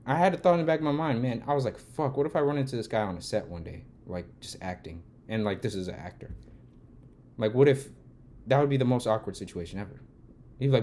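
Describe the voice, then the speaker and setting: A man's voice: medium pitch, lively intonation, fast talker, a little hiss or hum. A man vlogging a casual storytime rant, swearing and getting heated as he tells it. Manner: heated, swearing, gets loud when retelling the argument. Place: Los Angeles.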